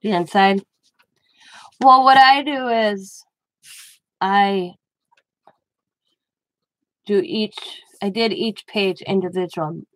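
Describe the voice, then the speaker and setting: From her home, a woman hosts a casual crafting livestream, chatting with viewers by name and often restarting her sentences. She speaks slowly in a mid-range voice with frequent pauses, and there's no room sound.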